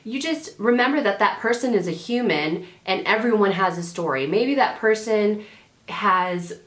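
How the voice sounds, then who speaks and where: A woman's voice: mid-range voice, expressive, normal speed. A woman in her twenties giving rambling, sassy advice straight to her camera, often correcting herself as she goes. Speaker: beauty vlogger. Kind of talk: casual chatty advice to camera. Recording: roomy home camera audio.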